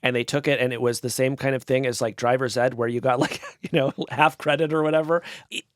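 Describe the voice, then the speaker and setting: A man co-hosting a casual tech podcast, making his points emphatically with quick asides. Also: mid-range voice, fairly even intonation, dry recording, clean studio sound. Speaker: podcast co-host.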